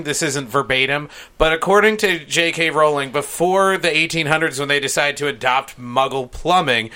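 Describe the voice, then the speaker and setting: A man's voice: a little high, bright, forceful tone, clean tone. A man chatting casually, profane and rambling, cracking crude jokes.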